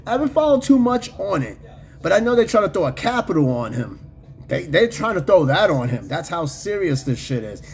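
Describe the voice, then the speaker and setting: A man's voice: high voice, very animated, a little fast. A man hosting a podcast in casual, slangy, profane chat, reading comments from his live chat. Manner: loose, slangy and profane, with frequent fillers and laughs. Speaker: podcast host.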